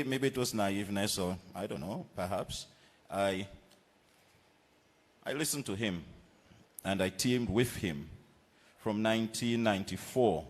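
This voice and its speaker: A man with a Vincentian accent giving a political rally speech, measured and deliberate with pauses and repetitions. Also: lowish voice, big-room sound. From Saint Vincent and the Grenadines. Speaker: political candidate. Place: outdoor political rally platform.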